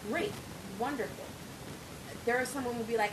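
A woman's voice: a little high, wildly swooping pitch, fairly quick. A woman in casual chat who talks bluntly and profanely and laughs often. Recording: roomy, distant mic, noisy.

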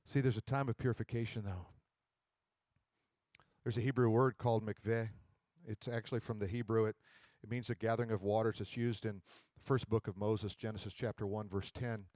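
A middle-aged man preaching a sermon, swinging between loud emphatic bursts and slow drawn-out scripture lines. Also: mid-range voice, no room sound. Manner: animated preaching with swells of volume and drawn-out scripture readings. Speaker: pastor.

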